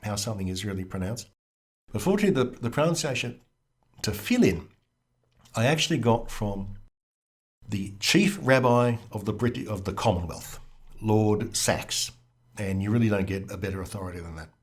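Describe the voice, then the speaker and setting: Guy on a podcast, lowish voice, explains stuff casually with dry little jokes. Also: moderate pace. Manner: wry and explanatory, occasional restarts. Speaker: podcast guest, fellow podcaster. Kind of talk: casual conversational discussion.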